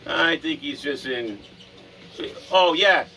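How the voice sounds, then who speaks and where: A man's voice: fairly high pitch, unhurried, far from the mic, noisy background. A man from Rhode Island vlogging at home in a rambling, casual chat, often talking to his dog.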